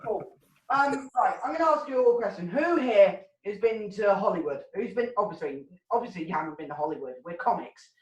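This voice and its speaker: A woman's voice: medium pitch, lively intonation, fairly quick. Lady hosting comedy over zoom, swears a lot, echoey room. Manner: sweary, ranting, laughs at own jokes. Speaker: comedy show MC. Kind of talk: casual rambling stand-up hosting. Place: home room on a video call. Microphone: video call. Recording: roomy home video-call audio.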